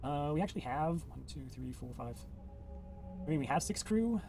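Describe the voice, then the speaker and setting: A man giving casual commentary on his own game run, thinking aloud, reading game text and counting out loud. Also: on the high side, expressive, moderate pace, creaky, over music. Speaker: gamer playing and narrating his old run.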